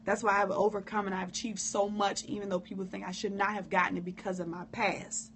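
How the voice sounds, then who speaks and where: A hoarse woman who coughs now and then, giving a candid, informal live-stream talk on prayer and speaking straight to her viewers. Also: mid-range voice, flat delivery, brisk, few pauses, a bit bright. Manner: candid, informal, preacherly direct address. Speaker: motivational speaker.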